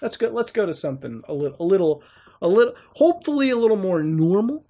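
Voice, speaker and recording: A man's voice: sits high, expressive, fast, dark tone. A young man hosting a gaming channel, rambling and swearing casually as he browses websites and laughs at them. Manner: profane, rambling, laughs often.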